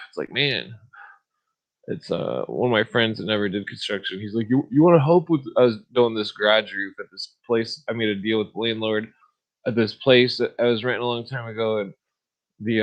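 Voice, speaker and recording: A man's voice: lowish voice, moderate pace, dull audio. A man hosting a podcast, talking in a rambling, profane monologue and laughing at his own stories. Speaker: podcast host.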